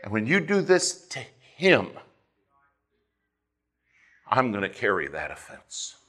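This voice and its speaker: A man preaching a fervent sermon, swinging between loud emphasis and hushed asides as he tells a story. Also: on the low side, huge pitch swings, takes it slowly. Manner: storytelling with quoted dialogue.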